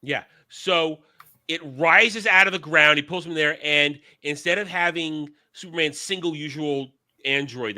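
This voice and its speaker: A man hosts a casual podcast chat and rants bluntly, swearing freely. His voice sits fairly high and sounds very bright and forceful. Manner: blunt, profane ranting. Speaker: show host.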